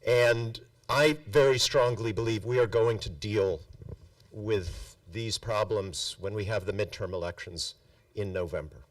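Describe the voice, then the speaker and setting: A man's voice: lowish voice, no echo, far from the mic, poor audio. A man giving a firm, impassioned candidate speech at a forum. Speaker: congressional candidate.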